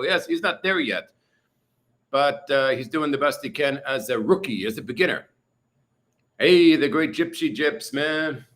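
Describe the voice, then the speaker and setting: On the high side, his voice comes across bright and forceful. He's a casual livestream host from British Columbia, Canada, reading comments and rambling with many fillers such as "uh" and "you know," all from a hot room at home cooled by a fan.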